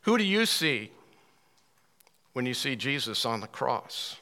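A man preaching a sermon to a room of listeners, reading scripture with rising emphasis, asking pointed questions, and often clearing his throat. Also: medium pitch, very animated, slow pace, pushed and bright. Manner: asks the audience pointed questions. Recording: long hall reverb.

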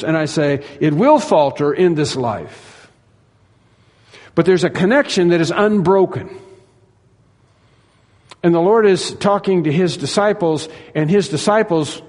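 A man's voice: a little high, darkish tone, big-room sound. A man preaching a sermon in an earnest, repetitive way, acting out the dialogue he tells.

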